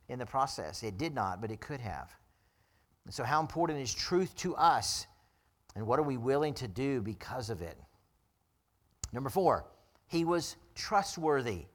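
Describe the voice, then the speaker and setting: A man's voice: a little high, a bit bright. A man serving as pastor, preaching a sermon in a conversational way with dry humor and frequent chuckles.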